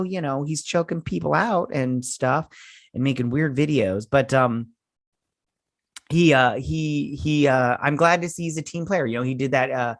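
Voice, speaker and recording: A man hosting a casual recap and review of a show's finale, rambling and excitable, often acting out what the characters say. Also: medium pitch, dry recording, studio quality. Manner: rambling, excitable, with frequent restarts and acted-out quotes. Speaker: host.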